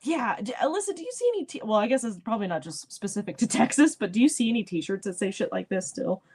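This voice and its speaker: A woman's voice: mid-range voice, fast, slightly rough. Southern woman hosting a book club call, chatty and laughing a lot. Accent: North Carolina. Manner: laughs often, animated. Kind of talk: casual video call chat.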